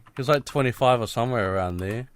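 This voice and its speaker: A man, co-hosting a podcast in excitable, slangy casual chat with plenty of swearing. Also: mid-range voice, quick pace, clear, resonant tone. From New Zealand. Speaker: podcast co-host.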